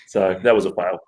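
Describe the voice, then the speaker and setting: A man's voice: lowish voice, poor audio. An Australian man on a casual live stream who jokes crudely and swears freely. He laughs a lot as he tells his stories. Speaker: co-host.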